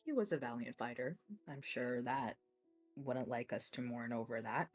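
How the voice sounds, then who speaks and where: A woman playing a composed male adventurer, speaking calmly and politely in a slightly lowered voice. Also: normal speed, faint music behind.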